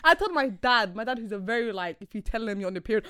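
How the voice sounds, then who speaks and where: A young woman tells a story in a casual podcast chat, her voice high and swinging widely, breaking into loud excited bursts. Her tone is bright and the sound is dry and close. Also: fast, smooth, no room sound. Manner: animated storytelling, loud excited outbursts, laughing often. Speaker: podcast co-host.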